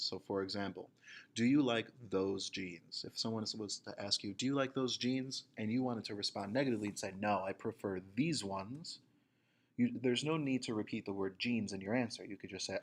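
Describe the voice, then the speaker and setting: Man explaining Spanish grammar, lowish voice. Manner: steady explanatory, reads examples aloud slowly. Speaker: Spanish teacher. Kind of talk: recorded grammar lesson.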